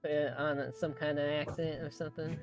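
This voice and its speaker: Very low-voiced laughing woman. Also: flat delivery, a little fast, music in the background. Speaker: player. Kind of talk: casual chat at a tabletop game.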